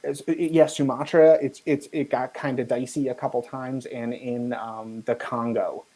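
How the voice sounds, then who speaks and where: An American man with a husky voice, a podcast guest telling lively travel stories and acting out other people's lines. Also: mid-range voice, moderate pace, rough recording. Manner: animated storyteller who acts out other people's lines. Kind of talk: storytelling in a podcast interview.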